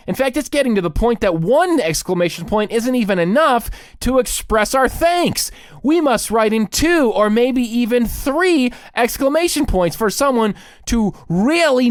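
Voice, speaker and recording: A man's voice: high-pitched, dry recording, studio quality. A man hosting a podcast, delivering a comic rant with exaggerated mock panic. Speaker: podcast host.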